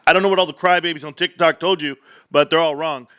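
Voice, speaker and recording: Casting: male stream host in his thirties, high bright voice, rambling and animated, laughs a lot. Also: quick pace, smooth. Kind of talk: casual livestream rant.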